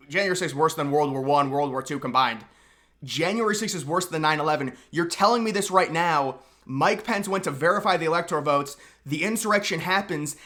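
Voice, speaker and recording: Bright sarcastic man ranting. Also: high voice. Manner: sarcastic, mocking, exaggerated outbursts. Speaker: political commentary vlogger. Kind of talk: casual ranting commentary.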